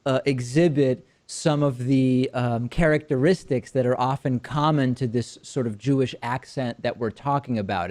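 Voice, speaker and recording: A man hosting an interview show, asking measured questions with frequent fillers and repeated words. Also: mid-range voice, a little mellow. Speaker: talk show host.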